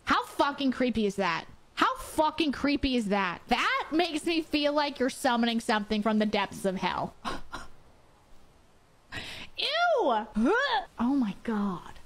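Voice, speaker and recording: A woman showing off her decorated game island, excitable, laughing and swearing often. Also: high voice, slow pace. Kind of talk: excited gaming clip.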